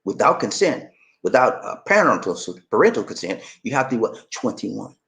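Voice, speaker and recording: A man's voice: medium pitch, sing-song, moderate pace, gravelly, fairly bright tone. A man hosting a casual vlog, chatty and repetitive as he quizzes viewers. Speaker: channel host.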